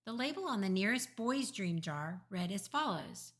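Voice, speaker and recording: A woman narrating a children's book aloud in an expressive storytelling manner. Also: mid-range voice, normal speed, few pauses. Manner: expressive, does character voices. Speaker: audiobook narrator.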